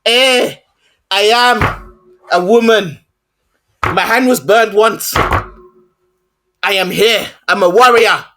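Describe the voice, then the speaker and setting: Man doing a stiff, high, slow-talking woman warrior in an overdone mock accent. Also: noisy background. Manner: slow, halting, deliberately exaggerated.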